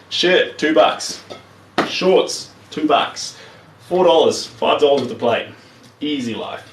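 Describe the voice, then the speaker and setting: A man's voice: mid-range voice, distant mic, a little hiss or hum. A man with a New Zealand accent chatting casually to live viewers while he paints, trailing off as he works. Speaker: artist streaming live. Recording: roomy, mic set back from speaker.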